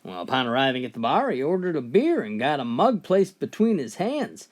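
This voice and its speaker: Brief: male joke teller, folksy and animated, easygoing build-up to each punchline. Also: medium pitch, fairly quick. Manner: folksy delivery, often opening lines with "well". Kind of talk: told jokes, comic storytelling.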